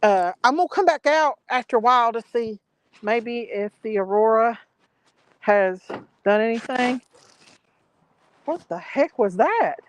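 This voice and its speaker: Hosting a livestream from her Tennessee farm, first outside and then indoors, a woman talks to viewers through a phone or laptop. Her fairly high voice is expressive and unhurried with long pauses, and she rambles casually while addressing everyone as y'all.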